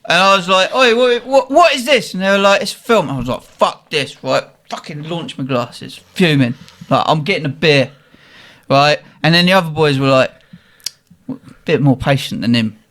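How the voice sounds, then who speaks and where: Animated young man. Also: on the high side, normal speed. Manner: animated, swearing, laughing at his own story. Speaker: guest telling a story. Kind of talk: casual storytelling.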